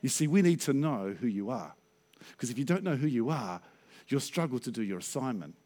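A middle-aged man preaching a sermon as a pastor, lively and acting out stammering inner voices. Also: medium pitch, a little fast.

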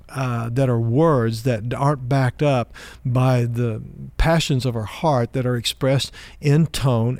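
A man pastor giving a teaching talk on relationships, speaking in a measured, conversational way and explaining with everyday examples. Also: medium pitch, a little mellow, no echo.

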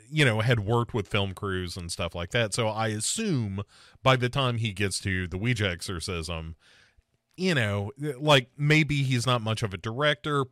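Bright-voiced rambling podcast host man. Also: lowish voice, dry recording, studio quality. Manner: rambling, conversational, heavy with fillers and restarts. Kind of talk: casual podcast movie discussion.

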